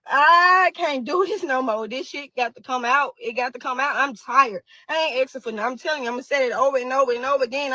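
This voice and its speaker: A woman's voice: high-pitched, bright, forceful tone, no room sound, poor audio. A young woman speaking out as a grieving mother, raw, angry and exhausted, swearing and repeating herself. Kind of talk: emotional monologue to camera.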